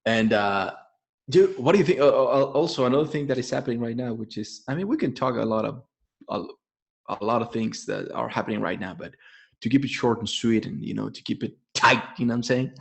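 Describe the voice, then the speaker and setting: A man hosting a podcast in casual chat, talking in a profane, fast and animated way with frequent laughter. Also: mid-range voice, vocal fry, slightly rough. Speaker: podcast host; image consultant.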